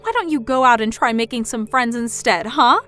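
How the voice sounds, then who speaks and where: A woman's voice: on the high side, lively intonation, moderate pace, pushed and bright, soft background music. A woman voicing a controlling middle-aged mother who mocks and belittles her daughter. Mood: scornful. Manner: mocking, belittling, pushy.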